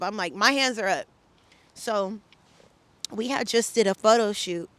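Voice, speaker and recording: A woman's voice: medium pitch, measured pace, a bit bright, dry recording. A woman from the Bay Area, a podcast guest, recounting a story in an emphatic, profane, heated way. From San Francisco Bay Area. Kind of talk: casual storytelling interview.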